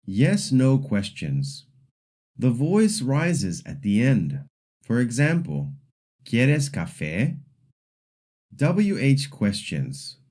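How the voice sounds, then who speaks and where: A man narrating a scripted pronunciation lesson as the teacher, deliberately modeling example sentences for learners to repeat. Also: mid-range voice, dark tone. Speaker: language teacher.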